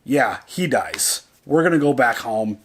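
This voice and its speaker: This is a man in casual chat as a reaction-show co-host, with a voice sitting right in the middle of the male range. He talks loosely and profanely and reasons his way out loud, backing up and restarting his sentences as he goes. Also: medium pitch, big pitch swings, unhurried, a little hiss or hum. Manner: loose and profane, heavy on "like" and "dude"; thinks aloud, restarting sentences.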